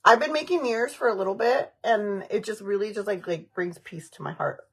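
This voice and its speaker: Woman, livestream chat, frank, rambling, husky, mid-pitched. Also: brisk, a bit bright. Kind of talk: casual livestream chat, answering comments.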